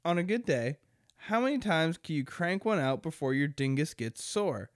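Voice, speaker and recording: A man's voice: a little high, big pitch swings, moderate pace, dry recording, clean studio sound. A young man hosting a podcast alone, rambling casually with crude jokes and frequent laughter. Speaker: podcast host. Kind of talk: casual solo podcast chat.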